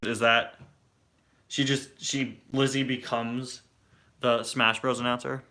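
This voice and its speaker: A man's voice: medium pitch, level tone, slow, pushed and bright. A man chatting casually during a live Q&A stream, rambling and restarting his sentences. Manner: rambling, hesitant, many restarts. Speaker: toy review streamer.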